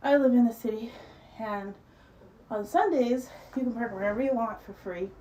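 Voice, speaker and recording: A woman's voice: a little high, moderate pace, mellow, low-quality recording. A woman streaming from home and leading a stretching session, chatting casually in a rambling, self-correcting way while a little out of breath. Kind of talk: casual live-stream chat.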